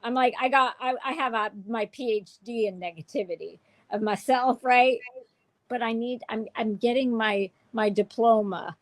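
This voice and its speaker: A woman's voice: fairly high pitch, normal speed, no room sound, poor audio. A woman hosting a candid livestream chat, speaking in a heartfelt, emotional way with many restarts. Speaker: show host.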